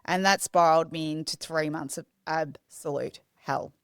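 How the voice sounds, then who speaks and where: Low-voiced woman telling her story. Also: fairly even intonation, normal speed, clear, resonant tone, dry recording, clean studio sound. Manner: raw, confessional, with many restarts. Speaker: podcast guest. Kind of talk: candid personal storytelling.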